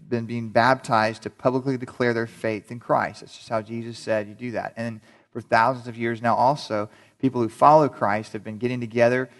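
A man preaching a sermon to a congregation. He talks conversationally, often stops to ask the people questions, and restarts or repeats words as he goes. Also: mid-range voice. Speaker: pastor. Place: church service before a congregation.

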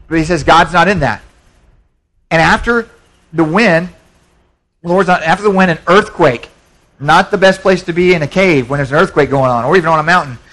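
A man's voice: fairly high pitch, fairly bright tone, low-quality recording. A man pastor preaching a sermon in a church, conversational, with frequent repetitions and restarts.

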